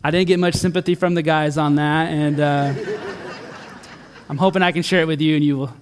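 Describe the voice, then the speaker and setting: Earnest high-voiced man, middle-aged, church sermon, swings between emphatic and quiet. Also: steady tone, fairly quick. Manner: earnest, builds to emphatic peaks then drops soft and low. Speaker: pastor.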